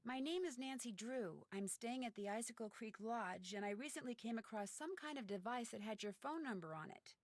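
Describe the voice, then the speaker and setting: An actress playing a curious young female detective in a video game, asking measured questions. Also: on the high side, no room sound, clean studio sound, lightly acted. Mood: inquiring. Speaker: game character.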